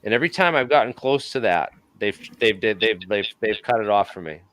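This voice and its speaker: A man, a physicist guest, chatting casually in a soft-spoken way, trailing off and repeating words. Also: on the low side, expressive, a little fast. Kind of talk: casual chat.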